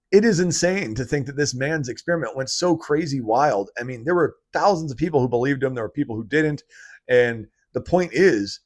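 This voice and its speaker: A man hosting his own political commentary vlog, talking in an animated rant that is full of fillers and restarts. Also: medium pitch. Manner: animated ranting, heavy fillers. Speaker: channel host.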